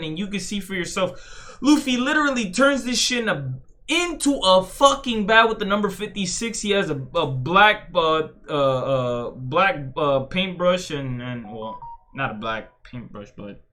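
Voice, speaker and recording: A man's voice: sits high, pushed and bright. A young man giving casual, rambling commentary as a streamer, swearing a lot and restarting his sentences. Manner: rambling, profane, full of fillers and restarts.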